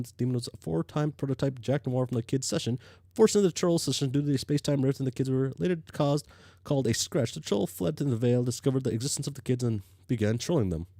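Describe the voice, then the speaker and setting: A man streaming as he reads a webcomic aloud, talking casually, often halting and stammering. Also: medium pitch, creaky, dark tone, dry recording, studio quality. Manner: halting, stammers and restarts, mutters to himself.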